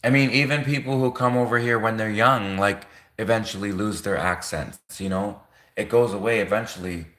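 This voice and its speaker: Rambling low-voiced Canadian man. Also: normal speed, fairly bright tone, roomy sound. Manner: rambling, constant "like" fillers, chuckling. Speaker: livestream host. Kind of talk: casual livestream rant.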